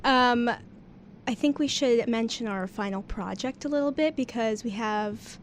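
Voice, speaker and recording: A young woman in her twenties hosting a casual college radio chat show from a campus studio, chatty and quick to laugh. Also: a little high, a little hiss or hum. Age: young adult.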